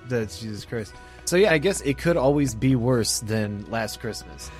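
A man's voice: mid-range voice, animated, moderate pace, soft background music. A man co-hosting a podcast in casual chat, laughing often and slipping into silly quoted voices. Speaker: podcast co-host. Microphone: remote podcast mic.

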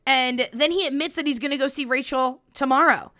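Bright, brash woman podcaster. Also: high voice, fairly quick. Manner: animated, blunt, swears freely, acts out quotes. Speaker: podcast host. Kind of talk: casual solo podcast chat.

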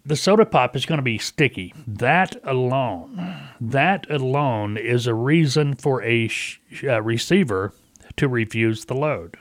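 A man's voice: mid-range voice, lively intonation, a little slow, no echo, studio quality. Folksy man hosting a talk radio show. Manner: folksy, storytelling, acts out callers in quotes. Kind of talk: casual talk radio monologue.

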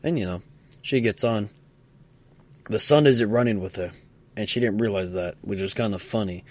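A tired man co-hosting a podcast, telling a story in a halting, casual way with lots of fillers and restarts. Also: lowish voice. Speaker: podcast co-host. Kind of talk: casual role-play storytelling.

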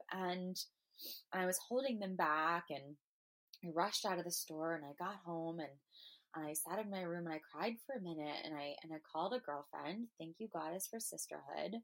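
A woman hosts her own podcast and talks at length about her feelings and experiences. She is earnest and emotional, and she wanders with frequent "um"s and restarts. Her voice sits a little low for a woman. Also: normal speed. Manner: earnest, emotional, meandering with fillers. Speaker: podcast host. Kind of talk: personal spiritual monologue.

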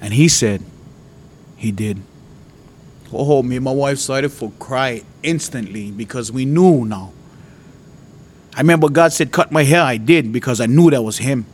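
A man from Hawaii, a preacher giving his testimony, who tells his story with lively jumps in voice and frequent laughter. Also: a little slow, pauses often, slightly rough. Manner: animated storytelling, voice jumps high and loud when retelling his outbursts; laughs often. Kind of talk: testimony to an audience.

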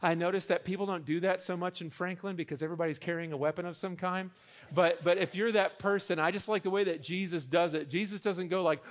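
A young adult man preaching a sermon as pastor, animated, with joking asides, repeating phrases for emphasis. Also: high-pitched, a little fast.

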